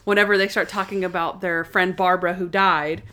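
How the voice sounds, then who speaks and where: A young woman in casual chat, recapping a TV episode, acting out scenes in quick voices and laughing often. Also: fairly low pitch, steady tone, pushed and bright.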